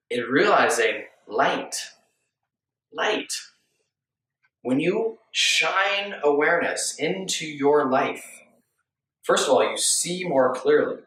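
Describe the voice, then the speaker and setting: Male coach, calm musing delivery full of questions, roomy echo, sits back from the mic. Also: mid-range voice, a little hiss or hum. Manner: gentle, musing, rhetorical questions. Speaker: mindful eating coach. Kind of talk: reflective self-help talk. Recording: echoey room, distant from mic.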